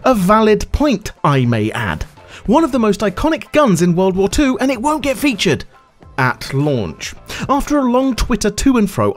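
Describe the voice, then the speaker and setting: A man rants into the mic with a sarcastic, fed-up edge and a swearing habit. His pitch swoops widely up and down as he works himself up, and soft music plays faintly underneath. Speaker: gaming channel host. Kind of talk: ranting video commentary.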